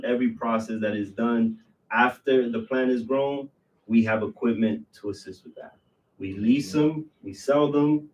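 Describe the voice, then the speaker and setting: A man tells his business story in a loose podcast chat, his pitch sitting right in the middle. He strings steps together in quick lists. His voice is picked up from a little way off the microphone. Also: distant mic, muffled recording. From New York. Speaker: business owner guest. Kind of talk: casual interview chat.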